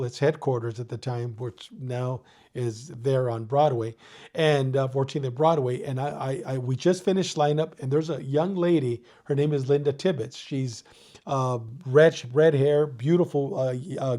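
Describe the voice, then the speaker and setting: A Mexican-born older man, a retired police detective, telling stories in a casual interview, animated and profane, dropping "dude" and "you know what I mean" all through. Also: medium pitch, moderate pace.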